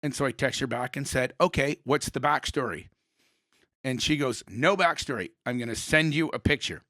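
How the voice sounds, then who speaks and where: A man's voice: mid-range voice, moderate pace, sharp tone, dry recording, studio quality. A man hosting a podcast, telling a rambling story in casual chat and swearing now and then. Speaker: podcast host.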